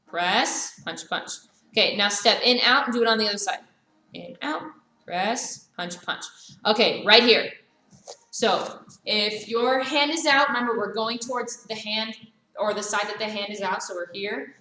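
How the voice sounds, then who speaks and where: A woman teaching a live virtual karate class, calling out brisk commands and corrections to her students. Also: medium pitch, pushed and bright, a little hiss or hum. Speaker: karate instructor. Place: karate studio, indoors. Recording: echoey room.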